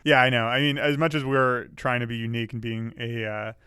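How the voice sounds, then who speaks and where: A man's voice: medium pitch, little pitch movement, brisk, bright, forceful tone, smooth, no echo. A man co-hosting a podcast in a studio, chatting casually with dry, wry humor. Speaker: podcast co-host. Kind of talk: casual chat.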